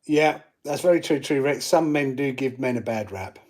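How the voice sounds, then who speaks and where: A man's voice: medium pitch, animated, moderate pace, a little mellow. A man hosting a live stream, casually chatting and reading out viewer comments while he works on his gear. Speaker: channel host.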